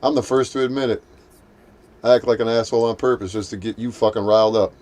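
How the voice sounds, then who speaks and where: A man's voice: mid-range voice, steady tone, fast talker, a little mellow. A man hosting a live stream, ranting at a rival and at trolls in a profane, confrontational, mocking way while greeting his chat. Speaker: livestream host.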